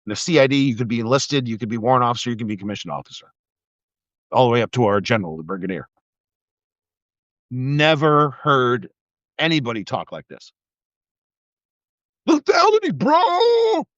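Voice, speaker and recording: On a live video, a middle-aged ex-military investigator turned streamer delivers a sarcastic, swearing political tirade full of anger. His mid-range voice is a bit bright and animated, moving a little fast but broken by long pauses. Captured on a phone or webcam mic, the stream audio is dry and slightly muffled with no room sound.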